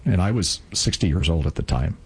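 A man in his sixties, co-host of a radio talk show, telling a heartfelt personal story in an earnest, lively way. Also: low voice, a little fast, slightly rough, rough recording. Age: 60s.

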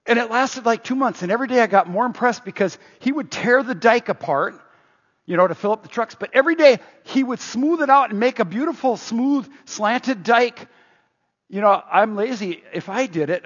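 A man preaching a sermon, telling a story in a chatty way with restarts, and rising loud on points of emphasis. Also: high-pitched, husky. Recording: dull echoey hall.

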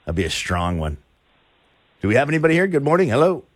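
A man's voice: mid-range voice, big pitch swings, quick pace. A man from Florida hosting a morning radio show, chatting with callers in a joking, teasing way. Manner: joking, teasing, laughs easily. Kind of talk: casual radio talk with callers.

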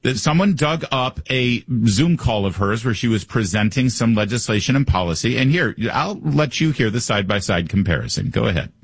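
A man's voice: mid-range voice, animated, a little fast, few pauses, husky, no echo. A man hosting a political talk show, giving opinionated commentary in a conversational way and reading ads. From Michigan. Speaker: radio talk show host.

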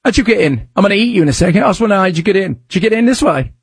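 A man's voice: high-pitched, expressive, rapid-fire, breathy edge, no room sound, clean studio sound, exaggerated voice. A man voicing a curious, menacing male big cat with a put-on British accent, chatty and mock-polite.

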